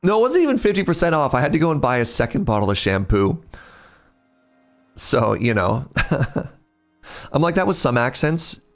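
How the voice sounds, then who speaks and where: A man's voice: mid-range voice, big pitch swings, normal speed, long pauses, faint music behind. A man streaming a game, chatting casually, telling stories and laughing often between moves. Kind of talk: casual gameplay chat.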